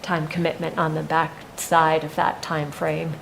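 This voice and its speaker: A woman who works as a land stewardship coordinator gives a staff report at a town meeting, speaking slowly and informally and pausing often to gather her thoughts. Her voice is deep, with little pitch movement and some vocal fry. The audio is poor, with a faint hum underneath.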